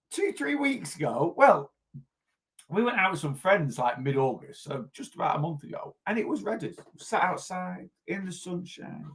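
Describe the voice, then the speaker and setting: A man's voice: sits high, gravelly, a bit bright. A middle-aged man with a Lancashire accent, hosting a casual weight loss live stream, chatty and rambling with restarts and asides, greeting viewers by name. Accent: Lancashire English. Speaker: weight loss livestream host. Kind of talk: casual livestream chat.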